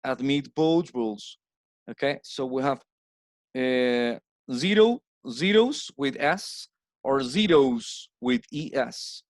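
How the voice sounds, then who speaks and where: Colombian man teaching English slowly. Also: medium pitch, animated, no room sound. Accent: Colombian Spanish. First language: Spanish. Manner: repeats words slowly with stressed drills. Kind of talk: recorded slide lesson.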